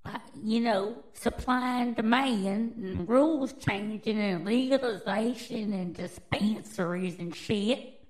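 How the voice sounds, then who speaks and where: A woman's voice: medium pitch, slow, darkish tone, low-quality recording. A woman, hosting a podcast and riffing on news stories in a brash, profane, drawling way. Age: adult, with children. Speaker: podcast host. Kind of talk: casual news commentary.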